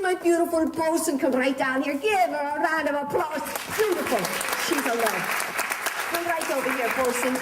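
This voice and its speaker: This woman speaks in a high voice at a normal pace, hosting an interactive pirate show for a live audience. Doting and dramatic, she calls her volunteers darling and love. Sound is echoey and far off, with faint crowd and noise underneath.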